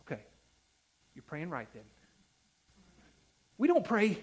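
A man preaching a sermon, emphatic and repetitive, with sharp swings between loud and soft delivery. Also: very high-pitched, sing-song, moderate pace, pauses often, husky. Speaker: pastor.

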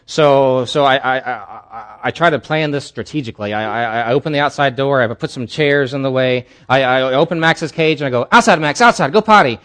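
A man's voice: mid-range voice, moderate pace, few pauses, fairly bright tone. A man preaching as a pastor at a church service, telling a candid personal story in an earnest way. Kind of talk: sermon.

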